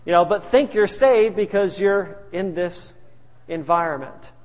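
A man's voice: a little high, a little mellow, in a large hall, low-quality recording. A man preaching a sermon in a church, telling folksy family stories to make his points.

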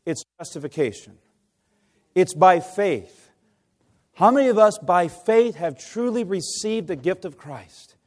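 A man's voice: high voice, animated, a little slow. Impassioned man preaching a sermon. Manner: impassioned, swings from hushed to loud, asks the congregation questions.

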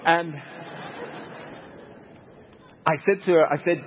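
A man's voice: on the high side, a little fast. A middle-aged Australian man, a missionary speaker, telling anecdotes to a congregation in a conversational way with humorous asides. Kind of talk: storytelling talk to a congregation. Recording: dull lo-fi recording with hall reverb, faint noise.

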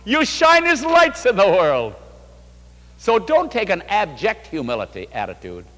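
A man's voice: high voice, wildly swooping pitch, unhurried, fairly bright tone, in a large hall. A man preaching a sermon as a pastor, telling a counseling story, quoting scripture and acting out the dialogue.

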